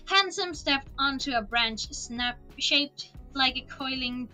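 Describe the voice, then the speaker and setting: A woman with a high, bright voice reads a novel aloud on a livestream, lively and expressive. She speaks close to a desk microphone, and faint music plays softly in the background. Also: takes it slowly, low-quality recording. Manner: expressive reading, with laughing asides. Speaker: streamer reading a book aloud. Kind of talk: reading a novel aloud on stream.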